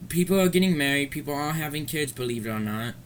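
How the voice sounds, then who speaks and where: A man's voice: on the high side, expressive, quick pace, slight background noise. A man ranting in a commentary vlog, angry, profane and rambling. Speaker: commentary vlogger.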